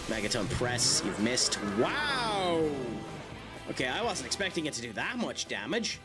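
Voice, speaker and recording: A man's voice: medium pitch, sing-song, unhurried. A man with an Irish accent streaming a video game live, chatting and joking with viewers between fights. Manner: chatty and jokey, with many fillers. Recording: game music behind voice. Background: game music.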